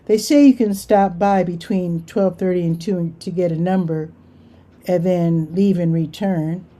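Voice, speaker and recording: Chatty woman reading a events rundown, mellow. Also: lowish voice, steady tone, measured pace. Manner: chatty, reads schedules aloud with asides. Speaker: community events host. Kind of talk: casual live-stream event rundown.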